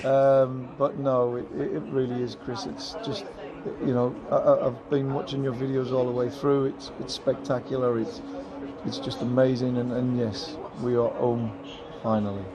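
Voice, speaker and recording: A man's voice: mid-range voice, little pitch movement, moderate pace, crowd noise, low-quality recording. An older man, a former footballer, giving a heartfelt, emotional interview outdoors at a stadium, piling up phrases with many ums.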